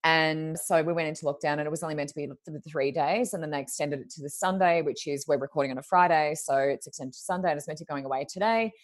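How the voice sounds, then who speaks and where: Low-voiced woman, lively storyteller. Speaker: podcast co-host, reader. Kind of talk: casual chat.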